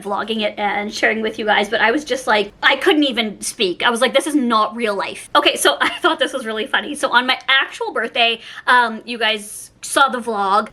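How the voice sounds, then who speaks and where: A woman's voice: fairly high pitch, pushed and bright. A young woman from Canada chatting in a casual birthday haul vlog, giddy and gushing, laughing often. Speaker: vlogger.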